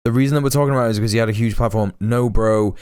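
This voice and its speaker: Young british guy ranting on stream, sweary and mocking, smooth clear voice, dead dry sound. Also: lowish voice, fairly even intonation, rapid-fire, a little mellow, dry recording. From Britain. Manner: mocking, exasperated, swears a lot. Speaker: streamer reacting to a clip. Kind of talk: casual reaction stream.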